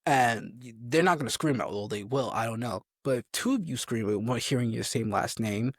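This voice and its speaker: A man's voice: mid-range voice, fairly quick, dry recording. Young guy rambling thru army stories, dry close sound, keeps getting sidetracked. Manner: rambling, gets sidetracked, acts out drill sergeants. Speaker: guest, army soldier. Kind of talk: casual storytelling interview.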